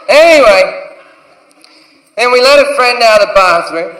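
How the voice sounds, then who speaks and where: Acting out the voices in his tale, an Australian comedian in his thirties delivers a crude theatre routine in a very high, bright, expressive voice, a little slowly and with many pauses. The echoey recording is taken from a distance and carries some hiss or hum.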